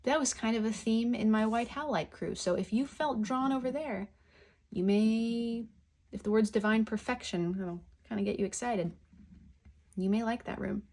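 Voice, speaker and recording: A woman giving a pick-a-card tarot reading, talking in a gentle, effusive, spiritual way. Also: a little high, moderate pace.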